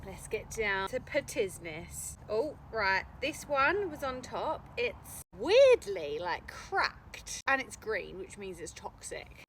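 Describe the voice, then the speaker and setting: A woman chatting casually in a garden vlog, excitable and gasping and exclaiming at each new find, recorded outdoors in a garden. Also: a little high, slow, vocal fry, hardly any pauses, slight background noise. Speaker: gardening vlogger.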